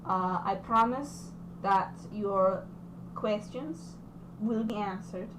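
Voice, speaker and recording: A woman voices a persuasive male revolutionary leader in a tabletop game. He talks slowly and formally in a put-on foreign accent, pausing often. The recording carries a clear hiss of background noise. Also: high voice.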